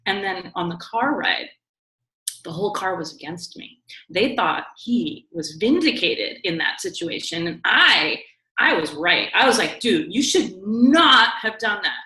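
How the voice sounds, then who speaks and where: A woman co-hosting a casual talk show, telling a story in a lively, quick way with lots of "like" and "you know". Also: fairly low pitch. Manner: animated, quick storytelling with many likes and you knows. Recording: echoey room.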